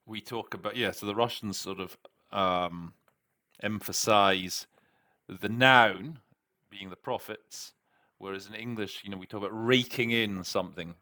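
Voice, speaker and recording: A middle-aged man, a conference interpreter, interpreting a speech and then talking through his word choices, often pausing and restarting. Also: on the low side, pushed and bright, no room sound, clean studio sound. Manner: thinks aloud, hesitant, many restarts. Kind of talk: interpreting practice with commentary.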